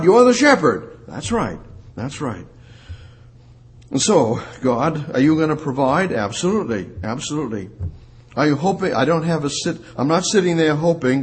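A man preaching a sermon, repeating words for emphasis and rising louder on the scripture he quotes. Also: fairly high pitch. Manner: emphatic, repetitive preaching with slow drawn-out phrases. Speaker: pastor.

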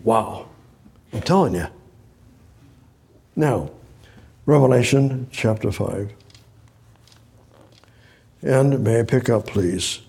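A man's voice: medium pitch, expressive, slow, gravelly, pauses often, darkish tone, husky. A man preaching a sermon, reading scripture aloud and breaking off to explain it, repeating phrases and rising to emphatic exhortation.

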